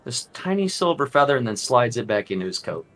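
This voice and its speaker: Bright-voiced man running a tabletop game. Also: medium pitch, big pitch swings, a little fast, faint music behind. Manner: hesitant, many fillers. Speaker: game master.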